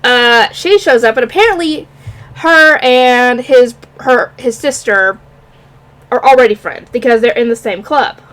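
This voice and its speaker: A woman's voice: on the high side, a little slow, a bit bright. A woman talking casually on her own about an anime episode, rambling and often stopping to search for names. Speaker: anime reviewer. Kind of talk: casual solo review.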